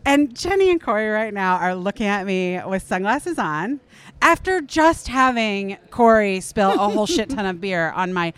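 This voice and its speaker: A woman's voice: medium pitch, expressive, normal speed, fairly bright tone, clean tone. A bubbly woman hosting a loose, joking podcast with friends. She laughs easily and talks at an easy conversational clip. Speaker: podcast host. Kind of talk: casual chat.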